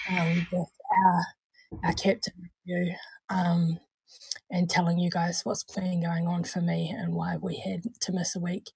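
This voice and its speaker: A woman with a New Zealand accent, co-hosting a show in casual chat, hoarse and unwell, rambling and laughing as she stumbles over words. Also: on the low side, darkish tone, no echo. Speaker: co-host of a vaping show.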